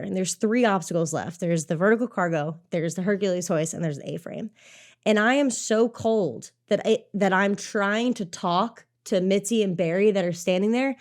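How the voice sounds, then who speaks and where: A young adult woman, a racer and coach, telling an animated race story in casual podcast chat, swearing freely and saying "like" a lot. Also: mid-range voice. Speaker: obstacle course racer and coach.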